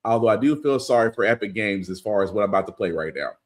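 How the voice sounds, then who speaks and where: A man's voice: on the low side, animated, fast talker. Easygoing rambling male podcast host. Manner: loose, rambling, lots of fillers. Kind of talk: casual chat.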